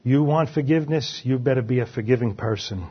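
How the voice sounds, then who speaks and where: A male pastor preaching a sermon, reading scripture aloud with lively emphasis. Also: mid-range voice, brisk, husky. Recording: dull lo-fi sound.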